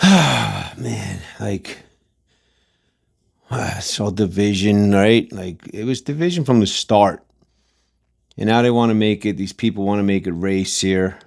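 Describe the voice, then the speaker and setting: A man's voice: on the low side, takes it slowly, vocal fry, long pauses. A man hosting a commentary channel, ranting in a blunt, combative, slangy way and repeating his points. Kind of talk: casual commentary rant.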